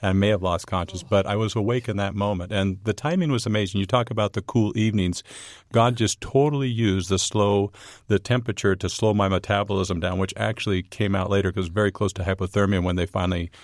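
A middle-aged man tells his story in an animated, wry way, with a low voice. The sound is dry and close-miked. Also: a little fast, hardly any pauses, no echo. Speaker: interview guest. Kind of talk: storytelling in an interview.

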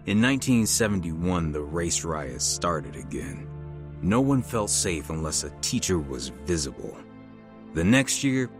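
A middle-aged man calmly narrating his own life story as a testimony. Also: deep voice. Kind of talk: testimony narration over music. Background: music.

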